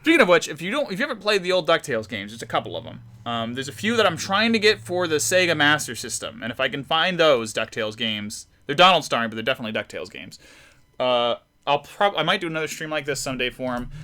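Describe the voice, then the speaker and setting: Lively, bright-voiced man streaming casually. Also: a little high, fast talker. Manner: rambling, self-deprecating, many restarts. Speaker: live stream host. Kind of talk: casual chat while drawing.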